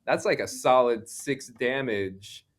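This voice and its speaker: Mid-pitched male guest commentator; easygoing and agreeable in casual game talk. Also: takes it slowly. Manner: agreeable, builds on the host's points.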